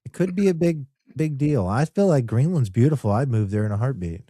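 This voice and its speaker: A man's voice: medium pitch, expressive, fairly quick, warm tone, dry recording, clean studio sound. A man co-hosting a casual podcast, talking in an easygoing, joking way. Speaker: podcast co-host. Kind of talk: casual chat.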